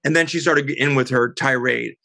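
A middle-aged woman as an interview guest, telling a heated story in an animated, indignant way. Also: very deep voice, moderate pace, vocal fry, no room sound. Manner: animated, indignant, quotes others.

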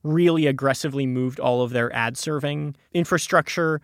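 A man's voice: medium pitch, normal speed, no room sound, studio quality. A man casually explaining a technical topic on a podcast, restarting sentences and padding with fillers. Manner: explains with many restarts and fillers, chuckles often. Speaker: tech podcast guest explaining encryption.

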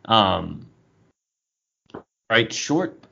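Low-voiced man on choppy lo-fi audio. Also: sing-song, very slow, creaky, bright, forceful tone. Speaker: podcast co-host. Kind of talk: casual sports podcast chat. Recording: dull lo-fi audio over bad Wi-Fi.

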